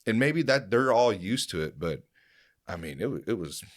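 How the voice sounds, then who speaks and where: Man, low voice, podcast host, casual chat, animated storytelling, swears. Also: moderate pace. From Kansas City area. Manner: animated storyteller, acts out quotes, swears freely.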